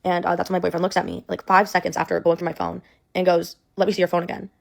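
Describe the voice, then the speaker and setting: A woman's voice: on the low side, flat delivery, very fast, creaky. A young woman telling a personal story in a rambling way, full of "like" and "um". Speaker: storyteller in a clip.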